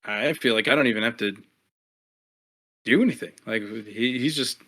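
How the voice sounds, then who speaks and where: A man's voice: medium pitch, moderate pace, sharp tone, dry recording. A man doing a dry, unimpressed woman. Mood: wry.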